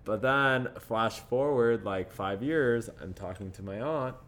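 A young male podcast guest with a medium-pitched voice speaks slowly while sharing stories in easy conversation. Animated throughout, he acts out other people's words and laughs often.

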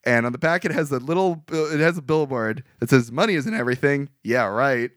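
A man's voice: mid-range voice, moderate pace, no echo, clean studio sound. A young man co-hosting a podcast, recapping a movie in casual chat, acting out its lines and laughing often. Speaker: podcast co-host.

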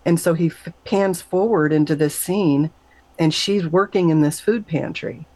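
A middle-aged woman, a nurse, telling an emotional personal story in an interview, animated and emphatic, her voice leaping up whenever she quotes herself. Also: no room sound, rough recording. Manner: animated, emphatic, jumps high when quoting herself. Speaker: guest, nurse.

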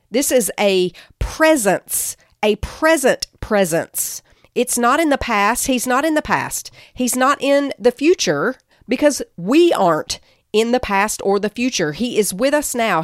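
A woman's voice: mid-range voice, no room sound, studio quality. A woman giving a devotional teaching, earnestly reading and explaining scripture passages. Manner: earnest, reads scripture aloud with emphasis. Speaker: podcast teacher.

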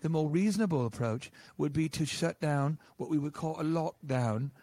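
A man's voice: on the high side, moderate pace, warm tone, no echo, voice pushed down. A man mimicking a pompous lecturing scientist. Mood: mock-solemn.

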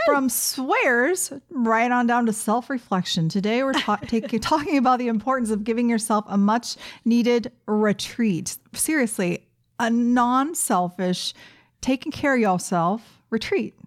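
A woman's voice: on the high side, lively intonation, moderate pace. A woman in her forties co-hosting a podcast, chatting casually in an easygoing way and laughing readily. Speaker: podcast co-host. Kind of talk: casual chat.

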